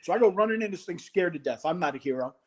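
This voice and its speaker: A middle-aged man, a former college football head coach, telling an animated story in a casual interview and acting out the voices in it. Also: sits high, very fast.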